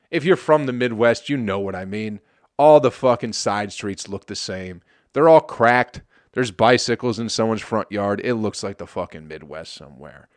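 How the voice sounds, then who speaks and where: Profane, lively-voiced comedian host. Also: male voice, on the low side, dry recording, studio quality. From Flint, Michigan. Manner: profane, sarcastic, laughs at own jokes. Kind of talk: casual comedic monologue.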